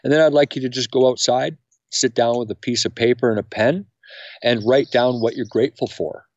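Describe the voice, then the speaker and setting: A middle-aged man speaking as a podcast guest, energetic and acting out quotes with big jumps in pitch. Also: brisk, no room sound. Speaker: podcast guest, camp founder. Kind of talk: animated interview talk. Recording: dry, slightly dull sound.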